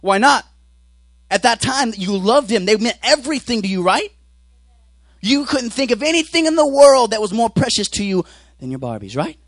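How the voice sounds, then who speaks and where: Male preacher, high voice, theatrical sermon delivery that swings between shouts and whispers; dry, close recording. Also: very animated, moderate pace, dry recording. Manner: dramatic, acts out characters, swings from loud shouts to whispers.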